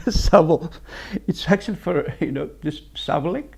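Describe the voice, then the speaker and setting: A man with a notably high voice talks in a loose, chatty way from a building site. He keeps laughing at his own jokes as he rambles on like a licensed builder sharing tips. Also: gravelly, darkish tone, slight background noise. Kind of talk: casual chat reacting to clips.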